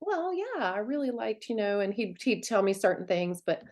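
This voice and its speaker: A woman's voice: mid-range voice, very animated, moderate pace, darkish tone. A middle-aged woman author chatting casually, telling stories and acting out quoted lines with big swings in her voice. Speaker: author guest. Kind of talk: casual chat.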